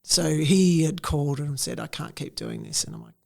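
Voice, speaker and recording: A woman in her forties with an Australian accent, telling stories in a casual interview, animated and full of acted-out quotes. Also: deep voice, normal speed, creaky. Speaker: interview guest, entrepreneur.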